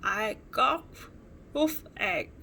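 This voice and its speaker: A woman's voice: fairly high pitch, lively intonation, drawn-out words, creaky, bright, forceful tone, a little hiss or hum, heavily acted. A woman doing a young dinosaur girl, Ava, with a sore tooth. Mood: miserable. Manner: mumbling, miserable.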